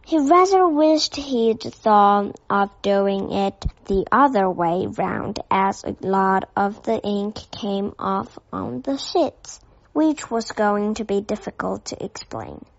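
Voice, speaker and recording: Slow woman reading a storybook. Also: mid-range voice, creaky, dry recording. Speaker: narrator. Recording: dull dry lo-fi recording.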